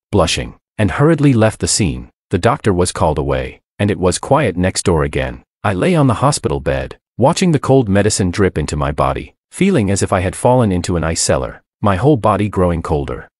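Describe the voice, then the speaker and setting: A man narrates a first-person story in a somber, bitter tone. His voice is very deep yet moves through a wide pitch range. The recording is dry with no room sound. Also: a little mellow, no room sound.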